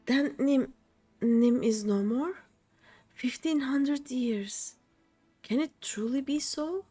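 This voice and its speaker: A woman's voice: high-pitched, warm tone, soft background music, pitched above the performer's own voice. A woman reading an ancient cursed scholar. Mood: mournful. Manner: slow, solemn reading of quest dialogue. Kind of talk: reading game dialogue aloud.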